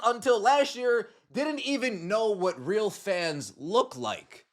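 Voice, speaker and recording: A podcast host with a high, expressive voice takes his time and barely pauses while delivering scornful, sarcastic sports commentary. He mocks what others have said, quoting them in put-on voices.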